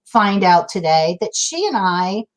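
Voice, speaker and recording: A chatty woman hosting a relaxed live-stream chat. She talks casually and laughs often, greeting people one after another in an even, mid-pitched voice. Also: measured pace, a little hiss or hum. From Massachusetts, USA. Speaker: host.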